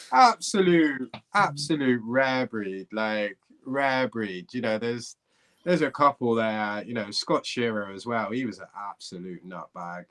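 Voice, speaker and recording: A former footballer, a man, telling a lively anecdote as a guest on a live podcast, laughing often. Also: medium pitch, takes it slowly, poor audio. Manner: animated, laughing storyteller. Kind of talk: storytelling.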